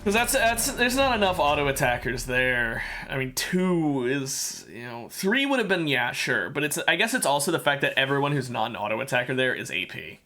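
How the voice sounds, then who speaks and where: A man's voice: mid-range voice, sing-song, fairly quick, hardly any pauses, pushed and bright. A man streaming a video game, rambling and correcting himself in casual commentary while sounding sleepy and yawning.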